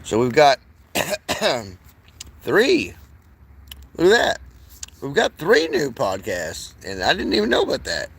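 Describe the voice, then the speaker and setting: A man's voice: mid-range voice, huge pitch swings, measured pace, creaky, fairly bright tone, slightly rough. A man hosting a livestream, rambling erratically with crude outbursts and mumbled asides. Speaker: streamer host.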